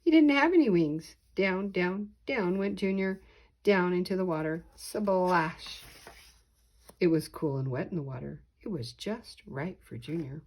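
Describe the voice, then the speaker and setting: An older woman reads a children's picture book aloud, slow and deliberate with lively emphasis. Her voice is low for a woman and slightly husky. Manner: slow, deliberate, expressive reading. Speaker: storyteller.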